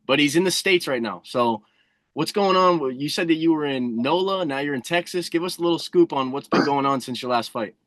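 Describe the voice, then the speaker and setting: A man's voice: on the high side, fairly quick, fairly bright tone, no echo. A man hosting a casual interview, hyped and slangy, calling people bro and dude. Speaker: podcast host.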